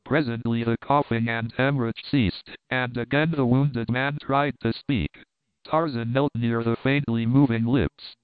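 Male audiobook reader, smooth clear voice, tinny phone-like sound, dry. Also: mid-range voice, no room sound. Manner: steady, measured reading. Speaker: audiobook narrator. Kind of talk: scripted narration.

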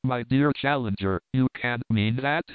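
A sour, skeptical old professor, as a man reads him aloud, grumbling out dry retorts. The voice is smooth, and the recording is dry and narrow like a phone line. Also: mid-range voice, unhurried, dry recording, close to an everyday voice.

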